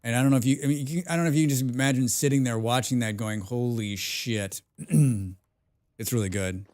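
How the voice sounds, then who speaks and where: Man, game streamer, casual chat, hums nonsense sounds, medium pitch. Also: quick pace, darkish tone. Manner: chatty, hums and mumbles nonsense sounds between remarks. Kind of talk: casual live-stream chat while playing.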